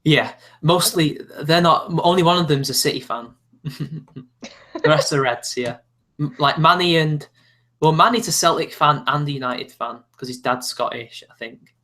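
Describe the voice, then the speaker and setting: A man's voice: on the high side, moderate pace, pushed and bright. A young man from South Manchester with a Mancunian accent, chatting casually as a channel host, laughing often and wandering off topic. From South Manchester, England. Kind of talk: casual chat.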